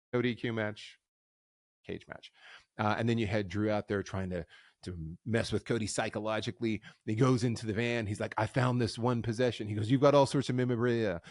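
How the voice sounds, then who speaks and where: A man's voice: lowish voice, no echo, studio quality. Wry, opinionated man recapping wrestling. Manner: opinionated, wry, talks fast with filler restarts. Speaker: wrestling recap podcast host. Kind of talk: casual recap commentary.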